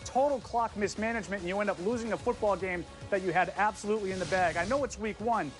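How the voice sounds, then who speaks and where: A man's voice: high-pitched, quick pace, soft background music. A man co-hosting a sports show, arguing his picks in a casual, emphatic way and leaning on "listen" and "I think.". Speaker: co-host, sports analyst. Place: luxury suite at a stadium.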